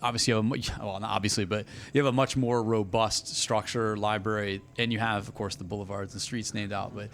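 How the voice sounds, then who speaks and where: A man's voice: lowish voice, level tone, fast talker, few pauses, a bit bright. Man, podcast host, casual chat, easygoing, loose phrasing, faint background noise.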